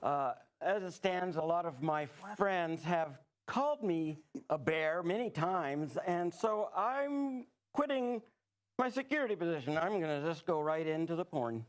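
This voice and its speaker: An improv actor as a deadpan security chief, speaking slowly and gravely, often dropping lower at the ends of lines. Live improv comedy in a TV studio. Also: male voice. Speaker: improv performer.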